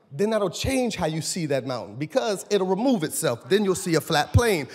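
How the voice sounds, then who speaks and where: Male pastor, high husky voice, preaching in a church with long reverb; loud shouted points, then hushed asides. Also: big pitch swings, normal speed. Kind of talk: sermon. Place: church sanctuary.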